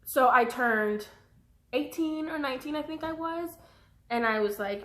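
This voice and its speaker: A woman's voice: fairly high pitch, normal speed, a bit bright, echoey room. A young woman telling her own story in a personal vlog. She rambles, jumps between thoughts and keeps apologizing for losing her thread. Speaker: vlogger.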